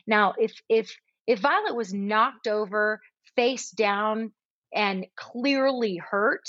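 Animated woman giving parenting advice. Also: mid-range voice, takes it slowly, dry recording. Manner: animated, acts out soothing parent dialogue. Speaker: parenting coach. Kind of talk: conversational advice. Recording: slightly dull, dry recording.

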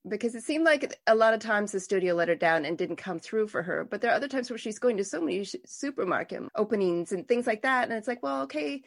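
A woman host in a conversational interview, gushing with enthusiasm and tumbling through restarts as she talks. Her voice sits at a typical middle pitch for a woman. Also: animated, quick pace, few pauses. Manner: enthusiastic and effusive, with frequent restarts. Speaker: podcast host.

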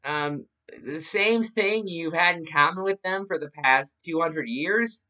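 A woman's voice: on the low side, unhurried, bright, forceful tone. A woman giving casual political commentary in a blunt, sarcastic way.

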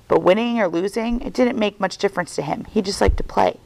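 A woman's voice: mid-range voice, a little fast, vocal fry, rough recording. A woman reading a children's novel aloud as a guest reader, telling it expressively. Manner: expressive storytelling.

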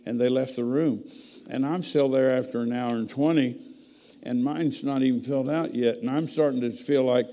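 A man's voice: medium pitch, fairly even intonation, normal speed, warm tone. A man preaching a personal testimony in a folksy, emotional storytelling way, speaking in a church hall. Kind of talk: testimony sermon.

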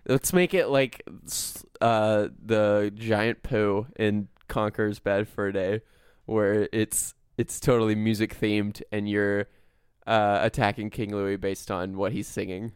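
Rambling man, low smooth voice. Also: little pitch movement, slow pace, no room sound, clean studio sound. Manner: enthusiastic, rambling with many fillers. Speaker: podcast co-host. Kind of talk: casual chat.

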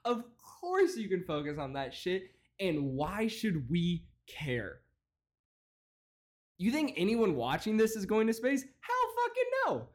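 A man's voice: sits high, sing-song, takes it slowly. Guy ranting on his podcast, swears constantly, laughs a lot, voice jumps all over. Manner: profane, mocking, laughs a lot. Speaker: podcast host. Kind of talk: ranting comedic commentary.

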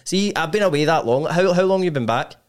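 A man's voice: a little high, expressive, fairly quick, smooth. A man with a Scottish accent hosting a podcast, asking loose, rambling questions full of fillers. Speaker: podcast host. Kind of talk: casual chat.

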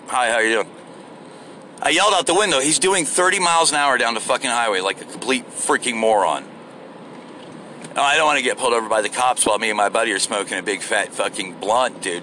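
A man's voice: medium pitch, bright, forceful tone, slight background noise. A man ranting casually while driving, rambling and profane, rude and crude by his own account. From United States. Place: in a car on the road.

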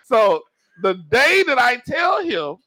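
A man telling a story on a podcast in casual chat, animated, profane and laughing often. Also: very high-pitched, takes it slowly, dry recording. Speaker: podcast co-host.

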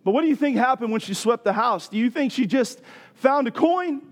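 A middle-aged man preaching a sermon as pastor, animated and building to loud rhetorical questions. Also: extremely high pitch, brisk.

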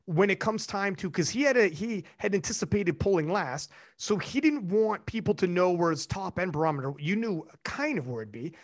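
Young guy hosting a chat show, slightly higher voice, animated, cusses a lot. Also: moderate pace, few pauses. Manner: animated storyteller, swears freely, quotes others. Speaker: podcast host. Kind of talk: casual chat.

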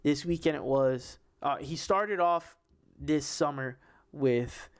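A man's voice: fairly high pitch, takes it slowly, clean tone. A young man hosting a casual sports podcast, rambling with many restarts and fillers. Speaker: podcast host.

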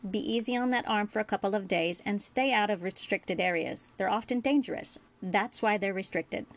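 A woman voicing a calm young male doctor with dry sarcasm in a storybook reading. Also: medium pitch, normal speed, close to an everyday voice.

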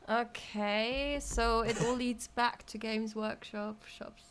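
A woman's voice: on the high side, fairly even intonation, slow. A woman guesting on a casual podcast, speaking tentatively as she thinks aloud.

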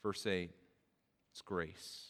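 A man's voice: low voice, steady tone, very slow, fairly bright tone, long reverb tail. A man preaching a sermon, telling a story and then building to emphatic preaching. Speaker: pastor.

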